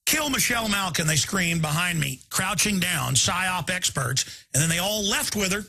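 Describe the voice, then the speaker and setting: A man's voice: high voice, a little slow, creaky, sharp tone, soft background music. A male talk radio host delivering a rambling, indignant live monologue.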